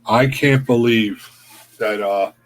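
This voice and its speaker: A man's voice: medium pitch, fairly even intonation, slow pace, faint music behind, low-quality recording. A man co-hosting a live stream, chatting casually and greeting viewers by name.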